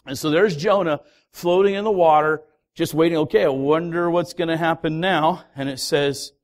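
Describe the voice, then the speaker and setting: A pastor preaching a sermon, telling a story with lively, acted-out voices of its characters. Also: male voice, on the high side, normal speed. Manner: animated storytelling, acting out voices of the sailors. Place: church hall.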